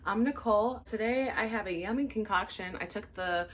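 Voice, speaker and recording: A woman who hosts her own vlog as a flight attendant, telling a story casually with an animated, exasperated manner and some swearing. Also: medium pitch, moderate pace, a little hiss or hum.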